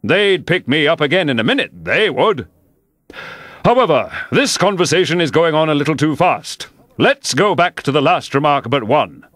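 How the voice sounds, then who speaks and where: A man's voice: on the high side, animated, fairly bright tone, no room sound, voice pushed up. A man reading a storybook aloud and putting on a pompous, touchy egg-man who talks grandly. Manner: pompous, grand, quick to take offence.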